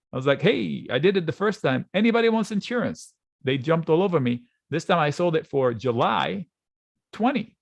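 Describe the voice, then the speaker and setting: Lively man explaining trades. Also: mid-range voice, no echo, studio quality. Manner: lively, conversational, acts out panicked traders in quick asides. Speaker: options trader. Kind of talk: screen-share trading lesson. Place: at a computer, drawing on charts.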